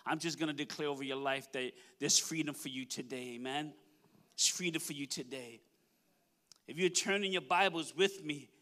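A man's voice: fairly high pitch, a bit bright. A man preaching a sermon as pastor, emotional and declaring, calling on his congregation to respond. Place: church service.

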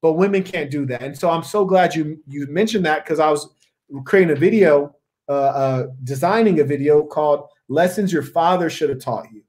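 This is a man hosting an opinionated talk show. His voice sits a little high for a man. He speaks with emphatic, preachy conviction and repeats key words for emphasis. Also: normal speed, a little mellow. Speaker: podcast host. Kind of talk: opinionated discussion.

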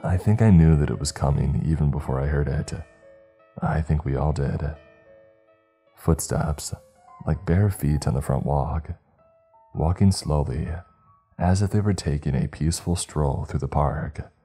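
A man narrating a horror story in slow, grave, scripted style. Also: extremely low pitch, dark tone, husky, faint music behind.

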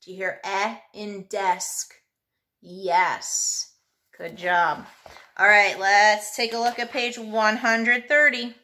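A woman's voice: mid-range voice, steady tone, takes it slowly, bright, forceful tone. A woman teaching a phonics workbook lesson to a child, sounding out letters patiently.

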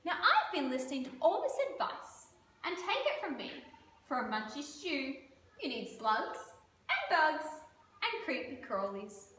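A woman's voice: sing-song, a little slow, sharp tone, a little hiss or hum, exaggerated voice. A woman voicing a bossy little male echidna with a raised, emphatic voice in an echoey room. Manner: high, emphatic and advising.

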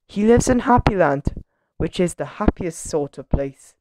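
A woman reads a children's picture book aloud, gentle and expressive as she tells the story. Her voice is fairly low and measured, captured in a dry, studio-quality recording.

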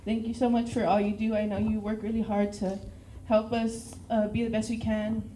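A woman's voice: fairly high pitch, level tone, normal speed, mellow, a little hiss or hum. A teenage girl with a Texan accent, a cheer captain giving a nervous, tearful thank-you speech. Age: teens. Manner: nervous, tearful, laughing between words. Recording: echoey room.

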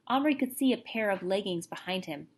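A teacher reads a children's chapter book aloud, her narration expressive and lively. She is a woman with a steady, middling voice, pacing the story for young listeners. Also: medium pitch, a little fast, slightly rough.

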